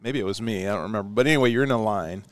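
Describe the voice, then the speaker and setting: A middle-aged man, a former astronaut, telling a story in a casual chat, animated, laughing often and acting out what people said. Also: fairly low pitch, racing, dry recording.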